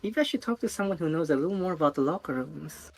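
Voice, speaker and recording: A woman's voice: low voice, expressive, fast talker, slightly rough, soft background music, pitched below the performer's own voice, exaggerated voice. A woman reading a teenage boy detective's game lines aloud in an earnest, polite way.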